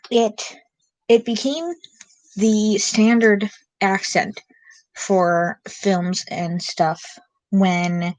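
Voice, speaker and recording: Slow, rambling young woman streamer. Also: mid-range voice, no echo, poor audio. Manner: rambling, musing, with filler words. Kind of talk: casual late-night stream chat.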